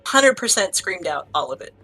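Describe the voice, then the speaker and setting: A woman playing in a tabletop game, chatting casually and breaking into loud, excitable outbursts. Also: lowish voice, moderate pace. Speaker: player.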